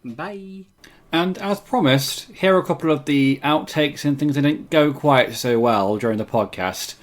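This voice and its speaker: A man's voice: on the high side, unhurried. A man co-hosting a casual podcast chat, giggling and apologizing often. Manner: giggly, keeps laughing and apologizing. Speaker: podcast co-host.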